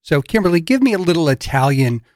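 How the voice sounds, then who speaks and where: A man's voice: fairly high pitch, very animated, quick pace, a little mellow, no echo. A middle-aged man co-hosting a casual podcast, rambling and dropping joking asides, on a close studio mic. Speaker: podcast co-host.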